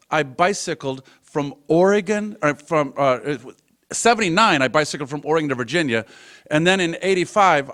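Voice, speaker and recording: A man telling a true personal story on stage at a storytelling event, conversational and acting out the dialogue. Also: fairly high pitch. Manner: conversational, acts out dialogue with lively shifts.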